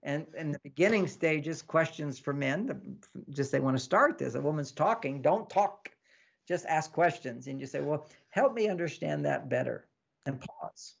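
A gravelly, husky man with a fairly high pitch speaks at normal speed on dull-sounding audio. He's an author being interviewed, lively and instructive, acting out dialogue and going back over lists.

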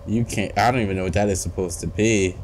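Excitable gaming streamer man, low voice. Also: quick pace, background noise. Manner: excitable, talks to his in-game companion, trash-talks. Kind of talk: let's play commentary.

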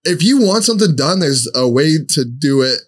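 Brief: young male guest, relaxed storyteller, loose, animated, a bit crude. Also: fairly high pitch, moderate pace. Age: young adult. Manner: loose and animated, swears freely. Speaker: podcast guest, social media creator. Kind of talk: casual storytelling.

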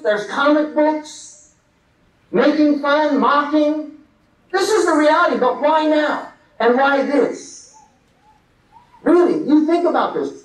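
Male religious lecturer, impassioned sermon, high-pitched, echoey hall heard from afar. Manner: impassioned, rhetorical questions. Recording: echoey hall, distant mic.

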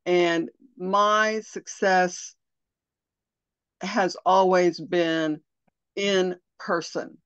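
A woman's voice: fairly low pitch, steady tone, very slow, long pauses, smooth, dry recording. A woman from the American South with a Southern accent, a real estate agent chatting casually in a self-deprecating way. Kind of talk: casual conversation. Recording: dull, dry lo-fi audio.

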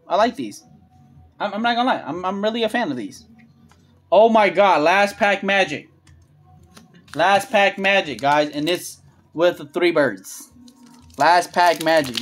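A channel host rips trading card packs, listing cards under the breath and erupting with cursing hype at the big hits. The delivery is slow and drawn out, with emphatic repeats and shouts when something rare turns up. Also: medium pitch. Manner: excitable, swears freely, yells at big pulls; drawn-out, emphatic phrasing between muttered card lists. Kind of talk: hyped pack-opening vlog commentary.

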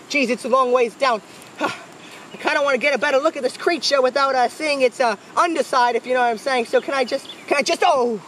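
A woman putting on a put-on Australian accent to play a bumbling, excitable wildlife adventurer in a comic parody, stumbling over words outdoors in the woods. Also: high-pitched, slight background noise.

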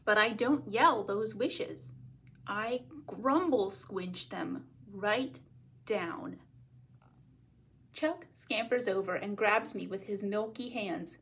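A woman from a library reading a picture book aloud as a bedtime story, in a gentle read-aloud manner. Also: medium pitch, slow pace, husky.

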